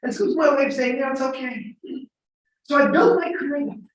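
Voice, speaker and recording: A middle-aged man, a professor giving a humorous storytelling talk, animated and joking with bursts of emphatic shouting. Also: very high voice, rapid-fire. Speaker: guest lecturer, professor. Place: large echoing temple hall. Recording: echoey hall from far off.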